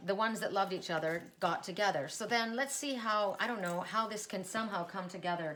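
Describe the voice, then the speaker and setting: A woman's voice: on the low side, fairly bright tone. A woman giving a casual spoken card reading, retelling a fairy tale in a chatty way with many restarts and asides. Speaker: tarot reader.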